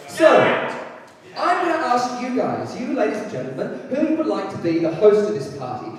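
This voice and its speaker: A man hosting a live improv comedy show, loud and excitable on stage, sometimes dropping to a hush. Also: high-pitched, normal speed. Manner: loud and excitable on stage, then hushed whispering to the audience. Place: live comedy venue with audience. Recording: echoey hall from far off, with crowd.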